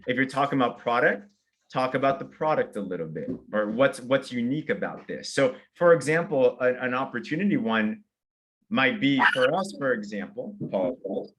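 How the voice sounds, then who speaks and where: A man giving an energetic sales training talk, walking through simple steps and acting out example messages. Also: mid-range voice, slight background noise. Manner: energetic, fast, acts out example invitations.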